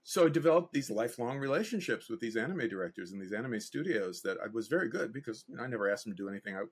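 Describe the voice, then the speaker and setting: A man's voice: mid-range voice, rapid-fire, husky. A man, a guest animator and director, telling stories in a casual interview and acting out the voices of the people he quotes. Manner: animated anecdote teller, acts out quoted voices.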